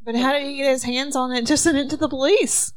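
A woman's voice: sits high, fairly even intonation, quick pace, dry recording. A woman who teaches, talking through a mystery game with friends, asking questions and thinking aloud. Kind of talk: casual group chat.

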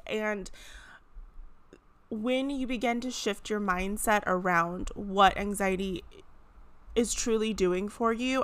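Young woman, podcast host, smooth clear voice, dry close sound, earnest and heartfelt. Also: mid-range voice, a bit bright, no echo. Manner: earnest, emotional, tearful at moments, frequent "like" fillers. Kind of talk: heartfelt solo podcast talk.

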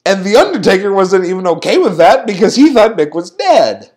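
A man's voice: high-pitched, big pitch swings, fairly quick, darkish tone. A man co-hosting a podcast, recapping events in a sarcastic, incredulous rant. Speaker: podcast co-host. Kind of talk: casual recap commentary.

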